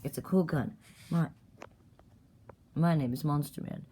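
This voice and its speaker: Casting: a speaker playing a bossy alien villain leader, formal tone, mid-pitched, steady hiss behind. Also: a little slow, lightly acted. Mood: commanding.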